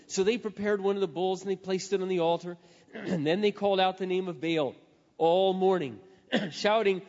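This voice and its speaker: Man, preacher, sermon, dramatic storytelling, loud then hushed, long hall echo, muffled lo-fi sound. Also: high-pitched, normal speed. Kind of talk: sermon retelling a scripture story. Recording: reverberant hall, dull lo-fi sound.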